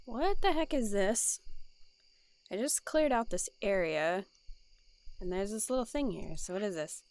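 A woman's voice: medium pitch, expressive, a little slow, a little mellow, dry recording. A woman casually narrating her gameplay, chatting and exclaiming at the characters on screen. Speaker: let's play gamer.

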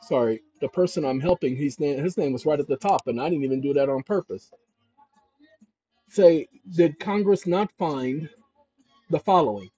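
A man hosting his own channel, walking viewers through legal paperwork on his screen in an emphatic way, often calling them "ladies and gentlemen" and checking in with "okay?". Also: fairly high pitch, normal speed, faint music behind. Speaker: channel host giving legal advice. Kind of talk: instructional screen-share talk. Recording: dull lo-fi recording.

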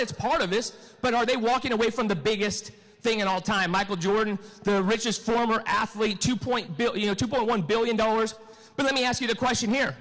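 A man in his forties, raised in California, delivers a motivational story with a fairly high voice. He acts out the dialogue and keeps firing rhetorical questions at his listeners. His voice rings with a long hall reverb. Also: a bit bright. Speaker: real estate team leader giving a motivational talk.

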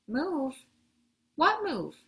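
A woman's voice: medium pitch, animated, normal speed, vocal fry, sharp tone. A woman voicing a kindly, courteous older male postman in a read-aloud storybook. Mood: shaken. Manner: folksy, courteous.

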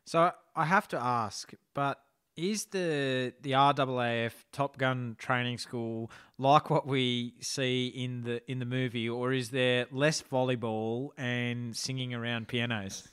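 A man's voice: medium pitch, steady tone, slow pace, fairly bright tone, clean tone, dry recording, studio quality. A man hosting a podcast, asking playful, teasing questions. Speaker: podcast host. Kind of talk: casual interview questions.

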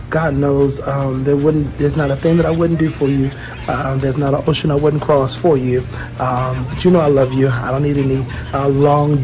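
A bishop in a mid-range voice speaks a tender birthday message, pausing with ums as he gets emotional. Music plays clearly behind him. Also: medium pitch. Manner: heartfelt, emotional, hesitant fillers.

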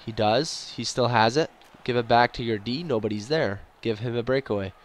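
A young man giving profane let's-play commentary, excitable, yelling and swearing at the game, a bit congested and coughing. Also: mid-range voice, normal speed. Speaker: gaming YouTuber.

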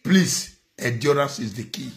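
A man's voice: mid-range voice, lively intonation, measured pace. Scolding man with a Nigerian accent. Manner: scolding, preachy, repeats phrases for emphasis. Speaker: commentator. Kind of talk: ranting vlog commentary.

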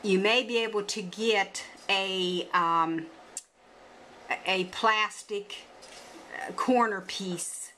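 Slow, halting woman explaining a build. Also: medium pitch, fairly even intonation, bright, forceful tone, slight background noise, rough recording. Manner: hesitant, halting with many pauses. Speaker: turtle keeper. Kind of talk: casual home video explaining a build. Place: at home beside a turtle enclosure. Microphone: handheld camcorder mic.

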